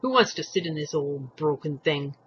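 A man voicing a gruff, irritable immigrant father who growls, swears and sneers in a storybook reading. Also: a little high, animated, moderate pace, muffled recording, slight background noise, lightly acted. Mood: gruff, annoyed.

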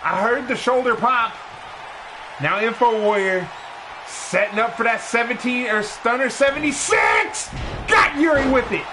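A man calling a wrestling match in excited play-by-play, often shouting. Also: very high voice, measured pace. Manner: frequent shouting. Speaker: wrestling commentator. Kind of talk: excited play-by-play commentary on a game stream. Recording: crowd and noise behind.

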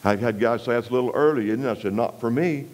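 A man from West Texas, preaching a revival sermon in a folksy storytelling way, dropping low and quiet for emphasis and pressing harder on scripture. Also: fast, rough recording.

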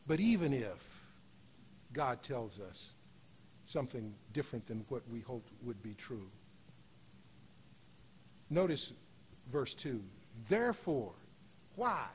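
A man preaching a sermon in a church, slowing on key phrases and rising to loud, emphatic peaks. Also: mid-range voice, expressive, slight background noise. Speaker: guest preacher. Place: church sanctuary.

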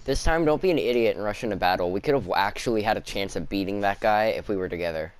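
A man's voice: lowish voice, fast talker, smooth. A man chatting bluntly while playing a video game, swearing now and then. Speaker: gamer. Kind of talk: casual chat while gaming. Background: game music.

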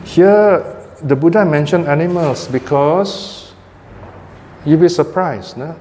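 A man's voice: on the high side, slow, warm tone. Older man giving a dharma talk. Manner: conversational, frequent "you know" and "right?" tags. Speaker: Buddhist teacher. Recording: hall reverb, faint ambient noise.

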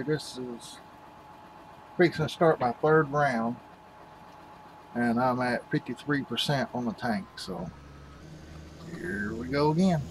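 A man's voice: mid-range voice, a little hiss or hum, low-quality recording. A man hosting a farming game video, rambling casually and calling his viewers "folks". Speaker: gaming channel host.

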